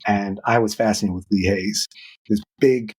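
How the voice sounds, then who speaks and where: Male author guest, low husky voice, animated storyteller who leaps in pitch for emphasis. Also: normal speed. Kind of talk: interview conversation.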